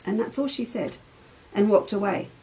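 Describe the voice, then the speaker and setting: A woman's voice: medium pitch, moderate pace, mellow, poor audio. A middle-aged woman, hosting a casual show-and-tell chat as a fabric designer. She tells a rambling story in an easy, talkative way.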